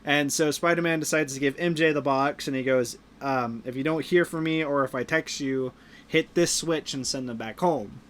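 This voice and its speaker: A man's voice: fairly high pitch, normal speed, fairly bright tone. Chatty man rambling through a plot. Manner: rambling plot retelling with many fillers. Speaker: podcast host. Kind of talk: casual movie review chat.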